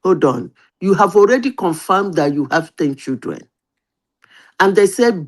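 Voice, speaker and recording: Animated Nigerian woman arguing politics. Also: fairly low pitch, measured pace. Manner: insistent, lively, mixes Pidgin and English. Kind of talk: heated political panel debate.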